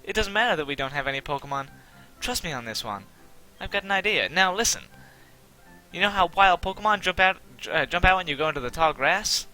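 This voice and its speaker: Cast: man playing a brash young game rival, pitched up, bright and pushy. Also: soft background music. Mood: scheming. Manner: pushy, rushed, excitable. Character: brash impatient young male rival trainer.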